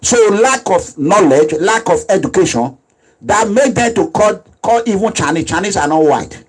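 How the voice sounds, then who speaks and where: A man's voice: sits high, animated, normal speed, husky, low-quality recording. A man giving emphatic, repetitive political video commentary, lecturing his viewers.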